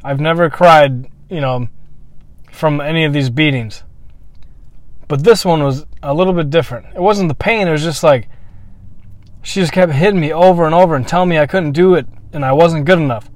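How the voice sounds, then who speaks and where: A man's voice: a little high, dry recording. Blunt, candid man telling his story. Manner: candid, blunt, swears freely; reflective, halting with restarts. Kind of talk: personal storytelling monologue.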